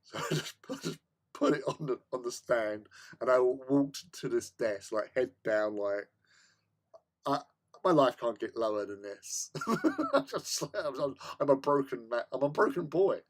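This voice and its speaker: A man's voice: medium pitch, measured pace. A man, hosting a casual hobby stream, tells a story with lots of laughter and stammered repeats. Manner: animated, laughs often, stammers and repeats words. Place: home hobby room.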